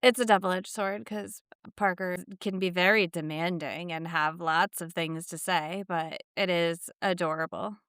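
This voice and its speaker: A woman's voice: on the low side, unhurried, clear, resonant tone, dry recording, studio quality. A woman in her thirties co-hosting a casual podcast, telling stories animatedly and acting out quotes. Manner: animated storytelling with acted-out quotes. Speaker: podcast co-host. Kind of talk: casual chat.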